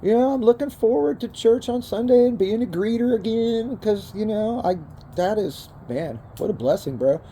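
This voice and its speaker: An older man talks in a mellow, warm voice. He rambles along casually and swears a lot, calling the viewer bro and man. He is recording outdoors, sitting by a fire. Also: sits high, lively intonation, moderate pace, slight background noise. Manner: profane, rambling, keeps saying bro and man. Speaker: vlogger.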